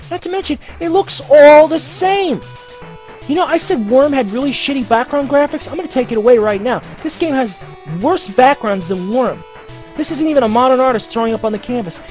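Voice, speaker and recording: A man's voice: very high voice, darkish tone. A man ranting sarcastically over gameplay as a game reviewer, swearing constantly and sounding fed up. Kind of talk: profane gameplay commentary rant.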